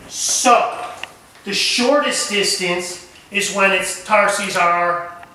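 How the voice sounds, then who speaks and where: A man teaching a camp nature lesson, animated and asking the group questions. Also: sits high, slow, slight background noise. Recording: echoey room recorded from far off.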